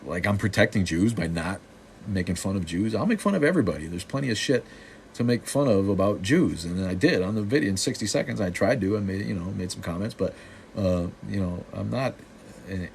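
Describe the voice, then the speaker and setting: Deep-voiced man rambling on a livestream. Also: creaky, a little hiss or hum. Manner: rambling and sardonic, full of restarts and fillers. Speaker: show host. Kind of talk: casual livestream talk answering chat.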